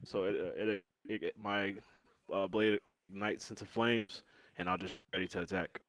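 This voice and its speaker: A man plays a tabletop game over a call, hesitant and full of ums as he works out his turn. His voice sits on the low side and sounds dry and close. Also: little pitch movement, normal speed, a bit bright, no echo. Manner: hesitant, lots of ums and restarts. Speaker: player. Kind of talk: casual game chat.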